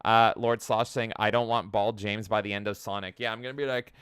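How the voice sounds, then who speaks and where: A man's voice: on the low side, fairly even intonation, normal speed, few pauses, fairly bright tone, clear, resonant tone, dry recording, clean studio sound. A man co-hosting a gaming podcast in casual chat, jokingly reading out live chat comments. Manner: chatty, jokey, reads chat comments aloud. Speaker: podcast co-host.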